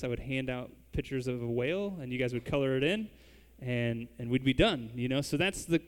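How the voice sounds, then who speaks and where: A man's voice: mid-range voice, a little mellow, smooth. Man preaching in a ringing hall. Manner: conversational, addresses the congregation directly. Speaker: pastor. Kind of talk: sermon.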